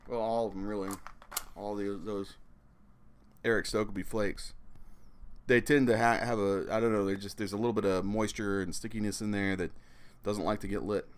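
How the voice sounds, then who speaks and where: A man in a casual hobby vlog, rambling and relaxed with many restarts and fillers, sometimes talking around a pipe in his mouth. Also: lowish voice, moderate pace. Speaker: pipe tobacco reviewer. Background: ceiling fan.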